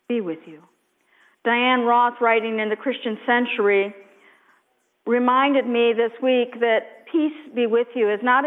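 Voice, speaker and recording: A woman pastor delivers a sermon in a high, unhurried voice, gentle and sometimes hushed. The sound is thin and narrow like a phone line. Her words ring out in a long hall echo. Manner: slow, gentle, drops to a hush on repeated blessings.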